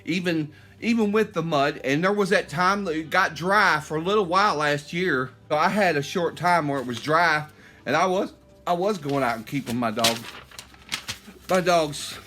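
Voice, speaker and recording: A man's voice: a little high, moderate pace, pushed and bright. Rambling man filming his home. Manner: rambling, repeats himself, conversational. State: short of breath at times. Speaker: homeowner vlogger. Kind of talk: casual walkthrough video. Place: inside his house and outside in the yard.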